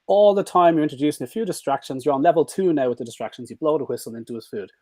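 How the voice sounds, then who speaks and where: A man, a vet giving a live-stream talk on dog training, lively and demonstrative, now and then jumping into a squeaky high voice for an excited dog. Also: very fast, no echo.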